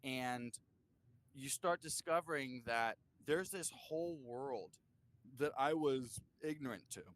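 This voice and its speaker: Slow and medium-pitched, this man is a musician guest in a laid-back interview. He tells animated stories, swears without restraint, and acts out other people's words with frequent use of "like."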